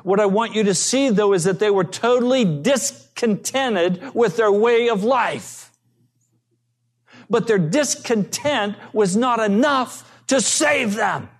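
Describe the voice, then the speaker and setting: Male pastor, sermon, high voice, slow deliberate pace, earnest storytelling. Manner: slow, earnest preaching with acted-out quotes.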